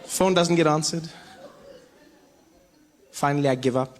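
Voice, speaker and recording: A man with a South African accent doing stand-up comedy, telling stories in a playful, animated way. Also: on the high side, a little slow, long pauses. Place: comedy stage.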